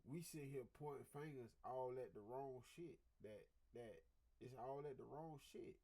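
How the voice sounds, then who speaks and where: A man's voice: medium pitch, normal speed, mellow, rough recording. A man giving blunt, slangy reaction commentary on stream, repeating himself and acting out what he would have said.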